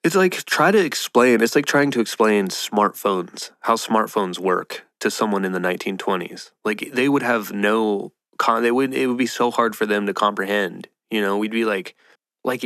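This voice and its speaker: A man with a lowish, fairly bright voice hosts a podcast at normal speed, recorded dry with studio quality. His casual monologue rambles playfully, and he slips into mock voices along the way.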